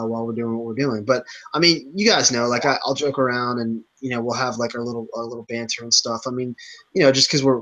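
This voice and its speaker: A man chairs a casual online meeting in a bright, ringing voice. He hesitates often, restarting phrases and leaning on fillers. The sound comes through a video call. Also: medium pitch, poor audio. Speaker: chapter organizer leading an online meeting.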